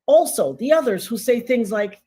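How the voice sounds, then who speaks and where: A middle-aged woman hosting a livestream, talking straight to her viewers in an animated, emphatic way, with slang and repeated phrases. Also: a little high, moderate pace, husky. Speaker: livestream host. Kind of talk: casual livestream commentary.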